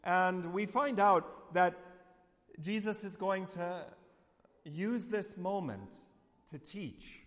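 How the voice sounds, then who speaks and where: A male priest delivers a homily in a slightly high voice. He speaks slowly and reflectively, falling quiet and low on key lines. His words echo with the long reverb of a large church hall. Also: animated.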